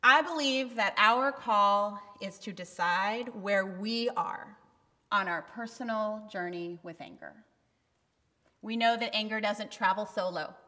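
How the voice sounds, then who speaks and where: A woman delivers a sermon in a frank, conversational way, now and then pushing hard for emphasis. Her voice is bright and forward. It rings with the long reverb of a church hall. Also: mid-range voice, unhurried. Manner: candid, conversational preaching with bursts of emphasis. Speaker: pastor. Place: church sanctuary.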